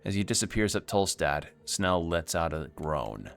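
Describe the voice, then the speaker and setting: A man with a deep, low voice reads a narrative game aloud on a stream, his pitch swinging in a lively, expressive way. He slips in wry asides, with faint music underneath. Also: normal speed, hardly any pauses. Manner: wry asides between read lines.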